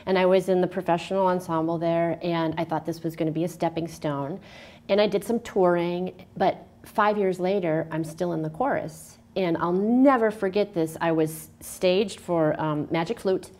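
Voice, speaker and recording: A woman's voice: fairly low pitch, moderate pace. A woman, a former opera singer, telling stories in a casual TV interview and acting out the voices in them. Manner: animated storyteller, acts out quotes and sings snippets. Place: local cable TV studio.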